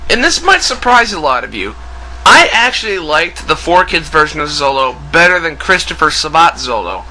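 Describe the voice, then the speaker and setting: A man's voice: fairly high pitch, big pitch swings, moderate pace, sharp tone, slight background noise, rough recording. A man ranting angrily in a video commentary, profane and sarcastic. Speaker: video ranter.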